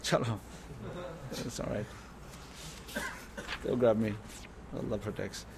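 A man's voice: on the low side, fairly even intonation, slow, creaky, darkish tone, a little hiss or hum. A man giving an informal sermon to a religious gathering, repeating his points and often checking that listeners understand. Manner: repetitive, keeps asking "understand?". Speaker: religious teacher.

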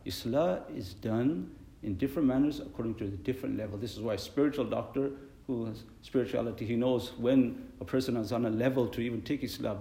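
Male imam, sermon delivery, mellow voice, echoey prayer hall, earnest and animated. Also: medium pitch. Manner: earnest, animated storytelling with Arabic phrases.

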